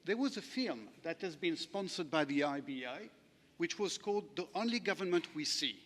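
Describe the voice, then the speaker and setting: A man's voice: fairly high pitch, expressive, moderate pace, fairly bright tone, big-room sound. A man from France with a French accent, a lawyer giving a self-deprecating, anecdotal conference talk. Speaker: panel speaker, lawyer. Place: large conference hall.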